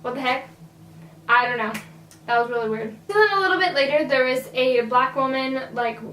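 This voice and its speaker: A teenage girl with a high voice tells a rambling storytime, peppering every phrase with "like." She sits a little back from the mic in an echoey room, with a faint hum underneath. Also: a bit bright, distant mic. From Virginia, USA. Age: teens. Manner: chatty, filler-heavy "like". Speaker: vlogger. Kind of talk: casual storytime.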